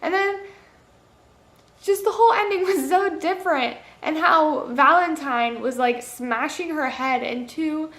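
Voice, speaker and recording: A woman with a slightly high voice chats through a casual movie review vlog. She leans on "like" fillers and acts out her own reactions. Her voice rings around an echoey room. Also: measured pace, a bit bright.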